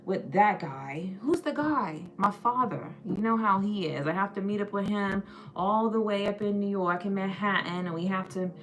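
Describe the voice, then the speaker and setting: A woman's voice: medium pitch, normal speed, lightly acted, rough recording. A woman voicing a spoiled, entitled rich young man who talks in a weary, name-dropping drawl. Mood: bored, entitled.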